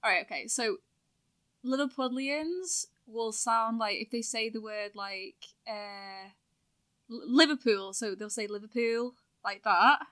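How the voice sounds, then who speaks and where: A woman's voice: a little high, a little slow, sharp tone. A woman from North West England with a Scouse-leaning accent, hosting a casual podcast chat and explaining things in a chatty way. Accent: Scouse-leaning Northern English. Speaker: podcast host.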